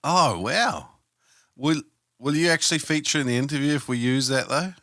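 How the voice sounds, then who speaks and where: A man's voice: fairly high pitch, normal speed, fairly bright tone, no room sound, studio quality. A man hosting a casual podcast interview, laid-back and slangy. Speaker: podcast host.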